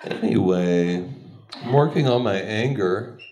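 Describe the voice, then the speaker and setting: A man doing a stand-up comedy set, crude and animated, often laughing between lines. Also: lowish voice, slow pace, heavy background noise. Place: comedy club stage.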